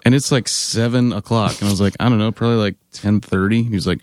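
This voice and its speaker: A man in a band telling animated, laughing tour anecdotes in casual chat, mimicking other people's voices. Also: fairly low pitch, quick pace, dry recording. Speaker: band member guest.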